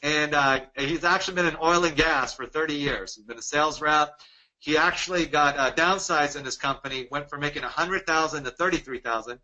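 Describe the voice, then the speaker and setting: Male webinar host, slightly high bright voice, hard-selling, keeps asking "right?". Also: a little fast, dull audio. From Dallas, Texas. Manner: energetic, persuasive, rhetorical questions. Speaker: webinar presenter. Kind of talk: sales pitch webinar.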